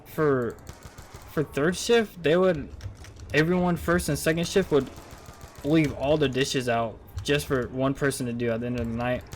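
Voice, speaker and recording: A man's voice: medium pitch, steady tone, moderate pace, a little hiss or hum. A young man telling a casual, rambling story straight to his viewers, full of swearing and incredulous outbursts. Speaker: vlogger.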